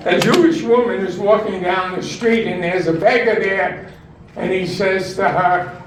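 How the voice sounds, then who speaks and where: High-voiced, slow-telling older New man. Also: expressive, slight background noise. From Brooklyn, New York. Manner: chuckles at his own punchlines. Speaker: talent show comedian. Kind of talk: stand-up joke telling. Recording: distant, very echoey hall recording.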